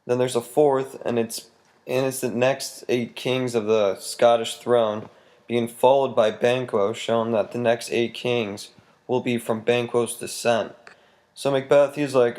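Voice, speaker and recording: A young man casually retelling a play as a comic school project, full of slang and deadpan asides. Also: mid-range voice. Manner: slangy, lots of "like", slow deadpan delivery. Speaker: student presenter.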